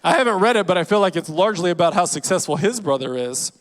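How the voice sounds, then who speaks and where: A man in his forties from Louisiana tells funny stories in a high, light voice, dropping dry punchlines and quick self-deprecating asides. He performs as a guest comedian in a large church auditorium. His voice carries a long hall reverb. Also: lively intonation. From Louisiana, USA. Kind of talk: comedic storytelling from a church stage.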